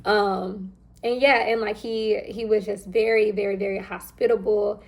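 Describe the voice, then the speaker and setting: A young woman telling a personal story in casual chat, animated and informal, acting out the lines of the people in it and talking straight to her listeners. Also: medium pitch, moderate pace, gravelly. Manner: animated, acts out quoted dialogue; chatty and informal, addresses listeners directly. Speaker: vlogger.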